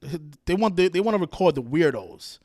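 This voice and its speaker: A man with a fairly high voice, recorded dry and close with no room sound. He rants in a casual, profane, indignant way as host of his own channel. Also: lively intonation, brisk, a little mellow, no room sound. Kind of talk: casual commentary over his street clips.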